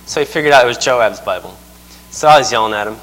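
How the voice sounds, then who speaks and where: A man in the middle of his voice range delivers a sermon as a visiting missionary, folksy and quick to chuckle at his own stories. His words ring out with a long reverb across a church sanctuary. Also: mid-range voice, a bit bright. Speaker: missionary preaching.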